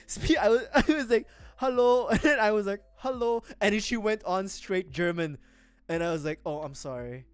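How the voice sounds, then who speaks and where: A woman streamer chatting casually on a livestream, rambling, with frequent laughing fits and restarts. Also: lowish voice. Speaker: VTuber streamer. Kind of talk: casual livestream chat while building a model kit.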